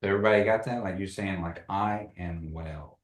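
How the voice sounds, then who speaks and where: A man teaching a community language class, joking with students and slowly repeating phrases for them. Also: low-pitched, recorded from a distance. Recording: echoey classroom.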